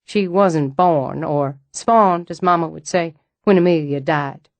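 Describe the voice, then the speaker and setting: Wry young man read by a woman, low, matter-of-fact, audiobook. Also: unhurried, darkish tone, dry recording.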